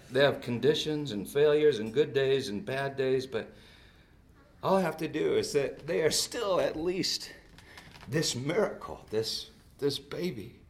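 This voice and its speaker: A man in his fifties preaching a sermon and telling stories, swinging between loud outbursts and soft drops. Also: medium pitch. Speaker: pastor.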